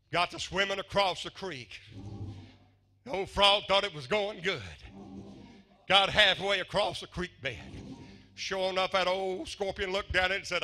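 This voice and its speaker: A man preaching a revival sermon, swinging from hushed asides to shouting. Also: sits high, steady tone, measured pace, soft background music.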